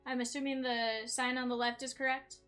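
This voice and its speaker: Bright-voiced upbeat woman hosting a card break. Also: high-pitched, level tone, a little fast, soft background music. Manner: chatty, upbeat, talks straight to viewers. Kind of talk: live stream card break chat.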